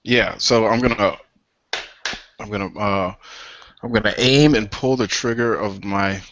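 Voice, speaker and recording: A man playing a tabletop game, describing his character's actions hesitantly, with pauses and jokes. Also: on the low side, a bit bright. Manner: hesitant, full of pauses and restarts, joking. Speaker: player. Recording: dry, dull lo-fi call audio.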